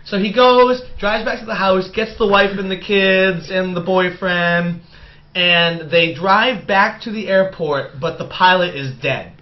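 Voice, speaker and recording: A man's voice: high-pitched, a little slow. A man co-hosting a movie review podcast, recapping scenes animatedly in casual chat. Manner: animated storyteller, recaps scenes with acted-out quotes. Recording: dull lo-fi podcast audio.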